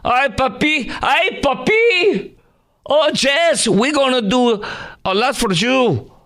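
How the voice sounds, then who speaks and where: A cooing, over-sweet woman politician, squeaky and drawn out, as a male talk-radio host mocks her in falsetto. The voice slides high and lilting, every phrase stretched long. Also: animated, slow pace, fairly bright tone, heavily acted. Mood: mocking. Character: mocking impression of a gushing woman politician.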